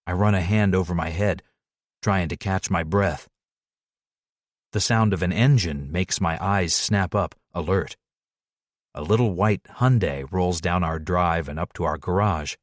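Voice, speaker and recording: Low-voiced male audiobook narrator. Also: measured pace, dry recording, studio quality. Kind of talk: first-person romance narration.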